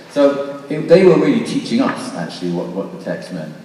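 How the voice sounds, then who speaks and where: A man speaking on a discussion panel to an audience, telling an anecdote in a chatty, animated way with asides. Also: lowish voice, a little fast, few pauses. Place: lecture room. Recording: echoey hall from far off.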